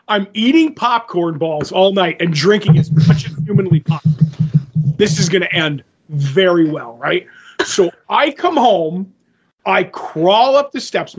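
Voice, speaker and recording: High, husky man telling stories. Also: lo-fi sound. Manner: animated, laughing while telling anecdotes. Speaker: podcast co-host. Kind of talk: casual storytelling chat.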